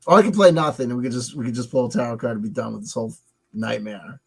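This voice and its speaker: A man's voice: mid-range voice, quick pace, vocal fry, darkish tone, breathy edge, low-quality recording. A man hosting a casual live stream, musing aloud, rambling and swearing as he decides what to show next.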